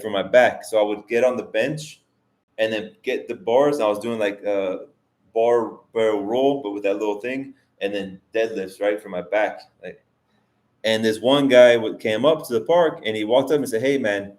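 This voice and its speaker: A man talks loosely on a live stream, answering chat in an easygoing, rambling way. His voice sits a little low, and he often stops and restarts sentences with fillers. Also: normal speed, darkish tone. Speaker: vlogger host reading live chat. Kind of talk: casual livestream chat.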